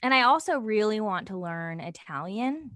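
An animated woman co-hosts a podcast in casual chat. She tells her anecdotes with energy and slips into laughter as she goes. Her voice sits close and dry. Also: medium pitch, normal speed, no echo. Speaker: podcast co-host.

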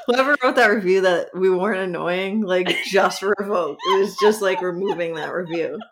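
A woman's voice: on the low side, moderate pace, background noise. A woman co-hosting a casual podcast, making sarcastic, laughing comments about a TV episode. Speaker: podcast co-host. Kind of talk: casual comedic recap chat.

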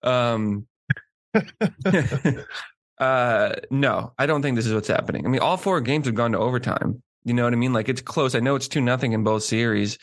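A man's voice: mid-range voice, normal speed, no echo, studio quality. A man co-hosting a sports podcast, responding in an amused, teasing, easygoing way in casual chat. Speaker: podcast co-host.

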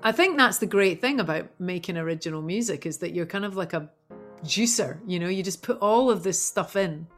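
A woman musician chatting as a podcast guest, telling lively stories with frequent swearing and laughter. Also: on the low side, a little fast, soft background music. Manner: animated storyteller, swears freely, laughs often. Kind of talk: casual interview chat.

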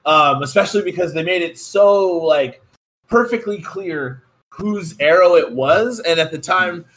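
Man, relaxed podcast co-host, high voice, casual swearing. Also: unhurried. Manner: laid-back, profane. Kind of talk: casual chat.

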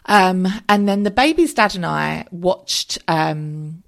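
A woman in her thirties talks through her own podcast in an easygoing, candid way, peppering her chat with ums and the odd swear word. Her voice sits a little low and carries a gravelly edge. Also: expressive, takes it slowly. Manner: chatty, candid, swears casually, frequent ums. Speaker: podcast host. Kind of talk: casual solo podcast chat.

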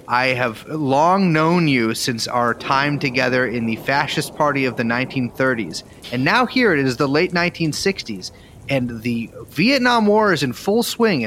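A man playing a smug fascist plotter welcoming guests to his villa, mock-grand and deadpan. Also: medium pitch, a little hiss or hum.

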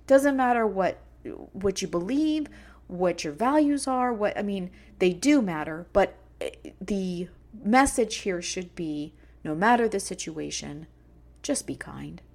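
A woman's voice: medium pitch, lively intonation, measured pace, gravelly, a little mellow. Emotional, earnest woman podcast host. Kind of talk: personal monologue podcast.

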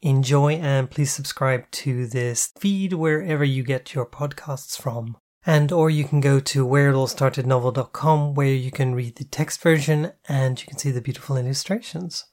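An author introducing and reading aloud their own novel in a steady, even storytelling voice. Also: medium pitch, moderate pace, hardly any pauses. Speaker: author and audiobook narrator.

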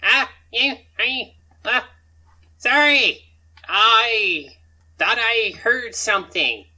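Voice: medium pitch, drawn-out words, pushed and bright, voice pushed up, full character voice. A game master voicing a nervous captive goblin who stammers and fumbles his words. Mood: flustered. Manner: stammering and flustered. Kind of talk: tabletop game character voice.

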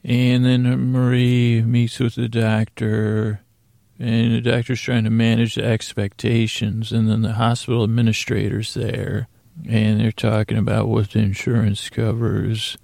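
A man's voice: fairly low pitch, completely flat delivery, a little slow, creaky, darkish tone, no room sound. A man hosting a podcast, loosely recapping a TV episode from his handwritten notes, often correcting himself. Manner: loose, meandering, self-correcting. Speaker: podcast host.

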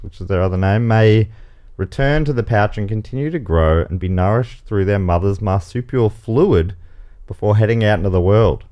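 A man's voice: medium pitch, a little mellow. Man hosting a comedy quiz. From Australia. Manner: playful, reads questions aloud with jokey asides. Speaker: game show host.

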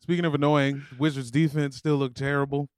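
A man co-hosting a casual sports podcast, breaking down the game and tossing in quick jokes. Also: medium pitch, flat delivery, darkish tone, clear, resonant tone, dry recording, studio quality, soft background music. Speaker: podcast co-host.

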